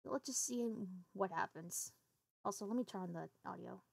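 A woman's voice: medium pitch, expressive, normal speed, gravelly. A woman streamer chatting casually with her viewers while setting up and playing a game, swearing offhandedly. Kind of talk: casual livestream chat while gaming.

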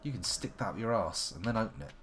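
A man's voice: on the low side, animated, quick pace, noisy background. Chatty man narrating his gameplay. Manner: chatty, wry, talks to himself while playing. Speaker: game streamer. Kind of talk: casual live gameplay commentary.

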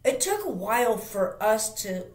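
A woman's voice: mid-range voice, sing-song, measured pace. A woman host telling a personal story casually, emphatic and rambling, with frequent restarts and repeats. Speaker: channel host. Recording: roomy echo.

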